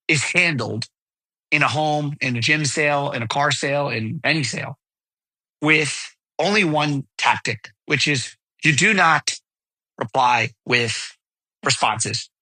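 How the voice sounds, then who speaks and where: Guy talking sales tips while walking outside, super bright voice, dry close sound. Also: fairly high pitch, slow pace, no echo, low-quality recording. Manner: role-plays sales dialogue, energetic and direct. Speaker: podcast host. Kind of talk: solo sales coaching talk. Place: outdoors.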